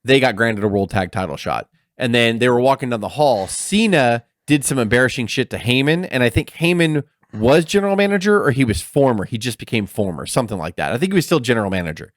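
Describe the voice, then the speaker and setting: Animated male podcast co-host telling stories. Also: medium pitch, quick pace, few pauses, no echo, clean studio sound. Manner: animated storyteller who acts out quoted people. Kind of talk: casual chat.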